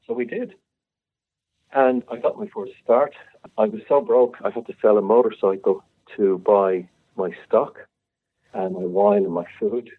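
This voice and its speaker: An Irish man in his fifties, a restaurateur, telling an animated story and acting out both sides of the dialogue. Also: lowish voice, measured pace, husky. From Ireland. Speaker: restaurateur guest. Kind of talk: storytelling anecdote. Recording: tinny phone-line sound.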